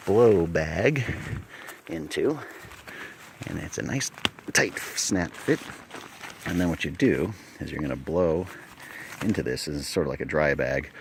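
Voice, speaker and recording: An outdoor gear reviewer with a very deep voice and fairly bright tone casually shows off camping gear inside a small tent, recorded on a phone held in his hand. He's chatty and folksy, thinking aloud, with slight background noise.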